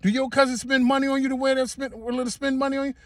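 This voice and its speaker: A man's voice: very high-pitched, flat delivery, very fast, no echo. A man telling a personal story straight to the camera in a casual, emphatic way, repeating himself and using everyday slang. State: getting emotional. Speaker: vlogger.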